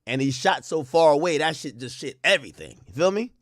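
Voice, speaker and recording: A man giving casual, animated commentary on courtroom testimony, speaking in heavy slang and repeating his points for emphasis. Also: on the high side, a little fast, dry recording, clean studio sound.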